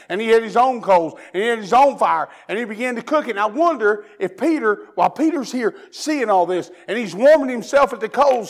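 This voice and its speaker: A man from Tennessee with a Southern accent, preaching a sermon that moves from hushed prayer to loud, fervent preaching. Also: high-pitched.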